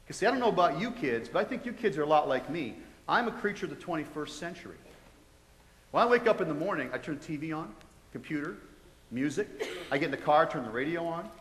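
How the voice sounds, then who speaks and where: Animated man telling a testimony. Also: on the high side, fast talker, a little hiss or hum. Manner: animated storytelling, acting out his own reactions. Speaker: guest speaker sharing a testimony. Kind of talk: testimony to students. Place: large college hall. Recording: echoey hall.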